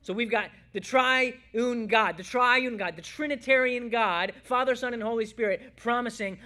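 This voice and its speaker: A man preaching a sermon to his congregation as pastor, swinging between loud emphasis and hushed, quiet lines. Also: very high-pitched, moderate pace, hardly any pauses.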